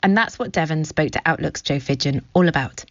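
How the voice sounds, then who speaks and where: A woman presenter giving a scripted introduction in a measured, clear way, then asking questions. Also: low-pitched, no echo, highs cut off. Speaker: radio presenter. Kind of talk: scripted narration and interviewing.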